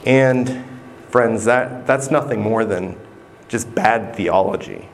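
A man's voice: mid-range voice, slow. A man preaching a sermon in an earnest, conversational way, sometimes restarting a phrase. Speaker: pastor.

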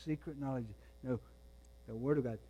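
A man preaching a sermon, moving between quiet, intense passages and raised, emphatic ones. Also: mid-range voice, steady tone, moderate pace. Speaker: pastor.

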